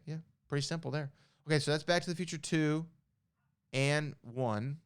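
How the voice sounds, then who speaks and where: A man's voice: medium pitch, clear, resonant tone, dry recording, clean studio sound. A male podcast host reading trivia questions and answers aloud, breaking off for chatty asides and correcting himself as he goes.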